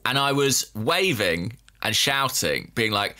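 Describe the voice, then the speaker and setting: Speaking slowly in a sing-song, sharp-toned voice of medium pitch, a man on a football podcast he co-hosts spins a long, self-mocking tale in casual chat and laughs at his own blunders.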